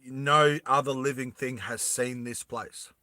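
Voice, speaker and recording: A man casually telling a story to his live chat, animated, laughing often and acting out the characters. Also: medium pitch, measured pace, dry recording, clean studio sound.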